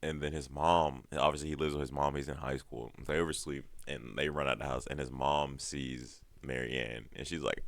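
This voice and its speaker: A man's voice: a bass voice, fairly even intonation, normal speed, hardly any pauses, no room sound. A man with a stuffed-up nose giving a heated, rambling TV show recap full of swearing. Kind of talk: casual profane TV recap.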